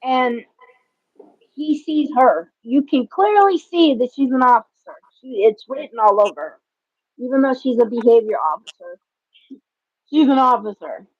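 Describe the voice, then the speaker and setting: Woman, higher voice, slow emotional storytelling, dull dry lo-fi audio. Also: lively intonation, no echo. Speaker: guest. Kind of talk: personal story in casual chat.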